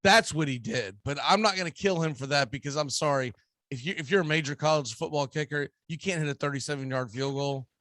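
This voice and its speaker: A man's voice: fairly high pitch, brisk, fairly bright tone, no echo. A man with a Southern US accent, hosting a sports radio show and ranting emphatically about football. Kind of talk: casual sports talk.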